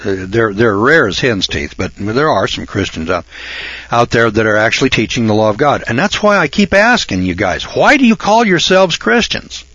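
A husky man in his late sixties hosts a radio program in a folksy, self-assured monologue. His delivery swings from low, muttered asides to loud, shouted outbursts. The recording is dry and dull, with a lo-fi sound. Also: sing-song, normal speed, no room sound. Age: 60s.

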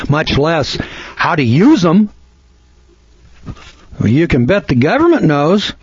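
A man's voice: fairly high pitch, big pitch swings, takes it slowly, pauses often, breathy edge, dry recording, dull audio. A man giving a folksy, lecturing talk on legal procedure to listeners, acting out courtroom exchanges.

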